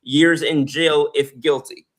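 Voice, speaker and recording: A man's voice: a little high, steady tone, slow. A man co-hosting a casual talk show, reading viewer comments aloud with lots of fillers and jokes. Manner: rambling, filler-heavy, joking. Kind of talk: casual chat.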